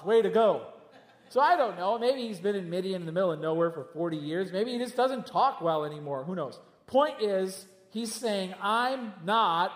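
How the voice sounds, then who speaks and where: A man preaching a sermon as pastor, mixing teaching with jokes and chatty asides. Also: on the high side. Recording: echoey hall with long reverb.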